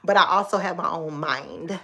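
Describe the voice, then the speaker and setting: A woman in her forties chatting casually on a livestream from her kitchen, sassy and expressive, laughing often and giving advice to viewers she calls girl and baby. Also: on the low side, normal speed. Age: 40s. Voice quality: expressive, laughs often, Southern Black American vernacular turns. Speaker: livestream host. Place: home kitchen.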